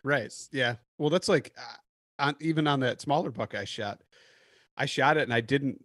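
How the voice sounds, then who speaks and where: A man's voice: mid-range voice, normal speed. A man hosting a podcast, telling a hunting story in casual chat and acting out the lines of the people in it. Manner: animated storyteller acting out quotes. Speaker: podcast host.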